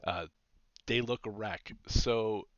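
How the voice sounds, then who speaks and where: Male game master, chatty and halting, bright tone, dry slightly dull recording. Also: fairly low pitch, no room sound. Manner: laughing often, hesitant with many fillers. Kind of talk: narrating a tabletop game.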